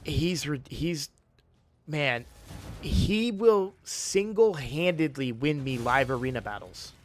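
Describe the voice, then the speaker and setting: A man's voice: on the high side, lively intonation, slow pace, slight background noise. A man chatting casually on a game live stream, sleepy and yawning, rambling with frequent restarts.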